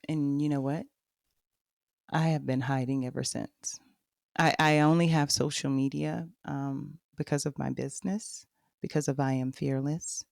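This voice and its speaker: A woman in her thirties from Texas hosts a podcast where she openly narrates her life, speaking right to her listeners in a Texan accent. Her voice sits low, a little mellow, with vocal fry, and the recording is dry and studio-grade.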